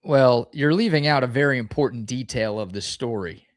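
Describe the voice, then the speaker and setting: A man's voice: normal speed, dry recording. A man from Texas, co-hosting a sports talk show, doing a live beer ad read and teasing his co-host. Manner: upbeat pitchman, teasing. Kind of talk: live-read ad and casual banter. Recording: dry close studio sound.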